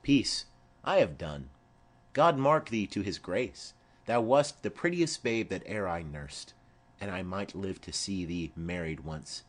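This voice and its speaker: Old nurse, chatty and fond, low unhurried voice with plenty of swing; a man reading her part. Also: lively intonation. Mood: rambling. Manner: rambling, fond, earthy asides. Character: chatty old female nurse, rambling and doting. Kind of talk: audiobook play reading.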